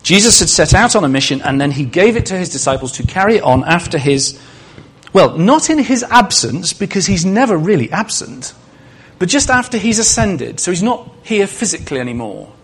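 A man's voice: high voice, sing-song, a little fast, a bit bright, slightly rough. A male preacher giving a sermon in a conversational way, asking the congregation questions and adding humorous asides.

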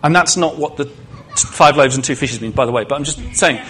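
A man's voice: mid-range voice, quick pace, a bit bright, a little hiss or hum. A male preacher giving a sermon in a conversational way, asking the congregation questions and adding humorous asides.

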